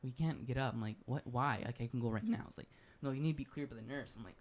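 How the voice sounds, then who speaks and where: A man's voice: mid-range voice, fast. A young man casually telling a long story on a podcast, full of swearing and "like". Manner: loose, profane storytelling with lots of "like". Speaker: podcast co-host.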